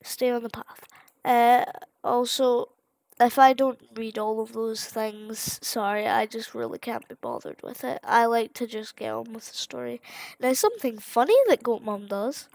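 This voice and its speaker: A woman's voice: a little high, measured pace, vocal fry, a little mellow, dry recording. A woman giving casual gameplay commentary, rambling along with plenty of fillers and restarts. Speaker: gamer.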